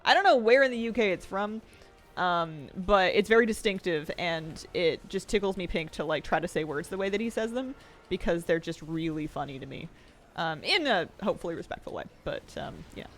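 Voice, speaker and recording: Woman, Canadian, young adult, streamer, casual chat, giggly, lively swooping pitch. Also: a little fast, faint music behind. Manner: chatty and giggly, reading chat aloud.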